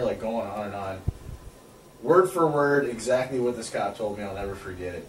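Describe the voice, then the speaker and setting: A man's voice: medium pitch, moderate pace. Rambling, profane man in an echoey room. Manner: profane, rambling storyteller, acts out quotes loudly. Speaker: podcast host. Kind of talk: casual storytelling chat. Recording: echoey room, voice far from mic, faint background noise.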